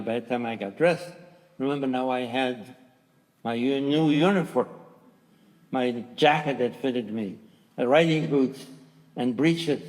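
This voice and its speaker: A man in his nineties giving personal testimony to a large theatre audience, speaking haltingly with restarts and raising his voice when quoting others. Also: medium pitch. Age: 90s. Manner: halting, with restarts, voicing quoted dialogue louder. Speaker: Holocaust survivor giving testimony. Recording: long theatre reverb.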